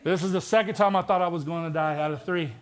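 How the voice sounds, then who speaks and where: A man's voice: on the high side, fairly even intonation, fast. A middle-aged man, a retired police detective, giving a vivid personal testimony in a church with touches of wry humor.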